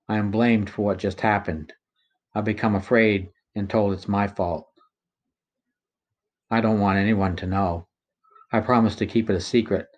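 A man narrates a personal account in the first person, his delivery steady and solemn. His voice sits on the lower side for a man. He reads with deliberate, unhurried care. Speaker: narrator of his own story.

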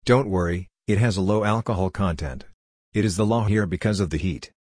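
A man's voice: fairly low pitch, brisk, darkish tone, no echo, clean studio sound, natural voice. A man voicing a formal Indian policewoman. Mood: matter-of-fact. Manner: formal, matter-of-fact, slightly indignant. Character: tall thin female police constable, tired of politics. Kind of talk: audiobook character voice.

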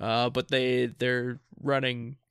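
An American man co-hosting a comedy podcast, rambling through stories with halting starts and fillers. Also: medium pitch, little pitch movement, a bit bright, slight background noise. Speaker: podcast co-host. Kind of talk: casual comedy podcast chat.

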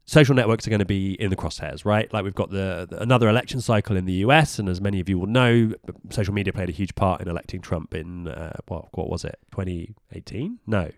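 A British man co-hosts a tech podcast, joking and then explaining things patiently. His voice sits low. The sound is dry and close. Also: fast, hardly any pauses, no room sound. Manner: jokey, explanatory, chatty. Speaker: podcast co-host. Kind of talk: casual tech chat.

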